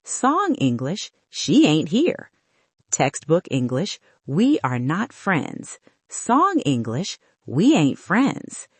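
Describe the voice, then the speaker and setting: Upbeat woman host, unhurried scripted English lesson, rather low voice, very dry. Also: slightly rough, no room sound. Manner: slow, careful and upbeat, with a very lively pitch. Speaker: English teacher and podcast host.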